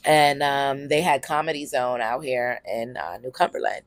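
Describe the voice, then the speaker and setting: A woman's voice: extremely low pitch, normal speed, no room sound. Rambling, candid woman, dry close sound. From Harrisburg, Pennsylvania, US. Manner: rambling and candid, full of ums and cursing. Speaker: comedian and podcast host. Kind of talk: casual solo podcast monologue.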